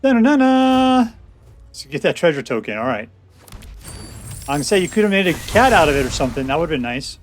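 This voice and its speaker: Man, card game commentary, casual, counts aloud, sarcastic asides, medium pitch, faint music behind. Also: expressive, quick pace. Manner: talks to himself, counting cards aloud, sarcastic.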